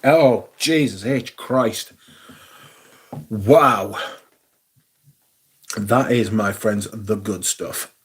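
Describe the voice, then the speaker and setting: Animated, swearing livestream host. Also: male voice, on the low side, drawn-out words, pauses often, husky. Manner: animated, swears freely, exclamatory. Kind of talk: casual livestream chat, reading viewer comments.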